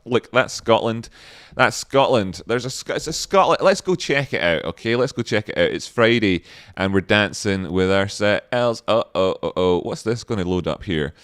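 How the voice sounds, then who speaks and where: A man's voice: mid-range voice, no room sound, studio quality. A man hosting a live trading stream, riffing playfully with mock outrage and swearing as he reacts to chat and a video.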